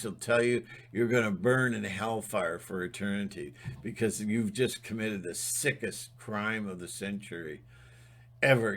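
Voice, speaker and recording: A man ranting to camera in an emphatic, fired-up monologue, sometimes breaking into a shout. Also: mid-range voice. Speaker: channel host.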